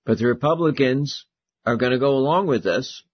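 A male host delivering an opinionated political commentary monologue, talking in halting bursts with frequent restarts. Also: medium pitch, highs cut off.

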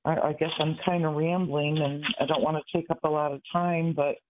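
A man in his sixties from Michigan, calling in to a radio show, talking in an earnest, halting, rambling way. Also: a little high, little pitch movement, slight background noise. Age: 60s. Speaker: caller. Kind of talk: call-in radio talk. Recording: tinny phone line.

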